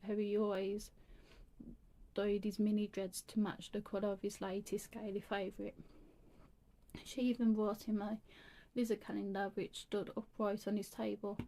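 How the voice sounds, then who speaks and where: A woman's voice: medium pitch, little pitch movement, normal speed, dark tone. A woman reading a creepy story aloud, stumbling and restarting often.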